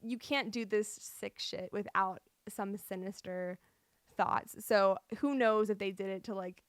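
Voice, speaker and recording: A woman's voice: mid-range voice, steady tone, a little slow, no room sound. A young adult woman hosting a podcast, telling a true-crime story with nervous laughs and apologetic asides. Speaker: podcast host.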